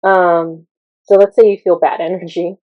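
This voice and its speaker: Lowish-voiced woman chatting about spiritual stuff, lots of ums and little laughs, dead dry sound. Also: level tone, moderate pace, no echo, highs cut off. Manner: chatty, laughs often, many fillers. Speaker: spiritual channel and teacher. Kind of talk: casual spiritual teaching talk.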